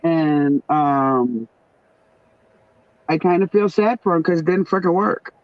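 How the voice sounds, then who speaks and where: A woman's voice: low-pitched, expressive, slow, no room sound. A middle-aged woman with a New York accent, chatting bluntly with family on a stream, swearing and laughing often. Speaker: livestream host. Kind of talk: casual chat. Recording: dull muffled sound.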